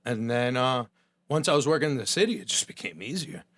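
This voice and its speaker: A man's voice: medium pitch, sing-song, brisk, fairly bright tone. A middle-aged man from New Jersey, a chef guest on a podcast, telling his story bluntly and with profanity, often acting out quoted voices.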